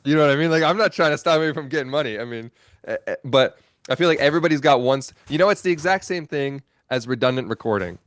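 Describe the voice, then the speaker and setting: A man's voice: mid-range voice, expressive, fairly quick, a bit bright, dry recording. A man in a casual online panel chat about cameras, rambling through his point and laughing at his own stories.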